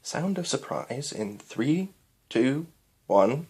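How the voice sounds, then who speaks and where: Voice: mid-range voice, very animated, moderate pace, darkish tone, voice pushed up. A reader voicing an eccentric, upbeat time-traveling stallion in a storybook reading. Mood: hushed.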